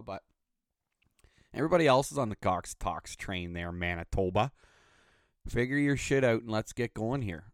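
A man's voice: medium pitch, clear, resonant tone, no room sound. A man hosting his own podcast, ranting with sarcasm and lots of swearing. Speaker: podcast host. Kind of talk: solo podcast rant.

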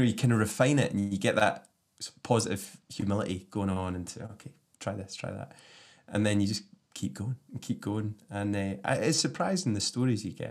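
Soft-spoken man, lower voice. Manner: affirming listener, reflective and soft-spoken when telling his own stories. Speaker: podcast host. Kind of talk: casual interview chat.

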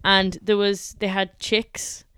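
An Irish woman co-hosting a casual chat podcast, chiming in with quick reactions and her own stories. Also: mid-range voice, little pitch movement, a bit bright, smooth, no echo, studio quality. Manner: quick reactive listener, chimes in with jokes. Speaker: podcast co-host.

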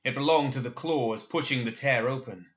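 A man narrates a dark fantasy tale in a measured, expressive storytelling style. His voice is bright and forward, with a mid-range pitch. The recording is a little dull and lo-fi. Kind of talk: dramatic audiobook narration.

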